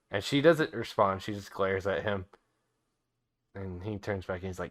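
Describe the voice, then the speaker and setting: Game master: man, low pitch, chatty, drops to a quiet murmur for narration. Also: moderate pace, long pauses. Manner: chatty, laughs often, drops his voice low when narrating.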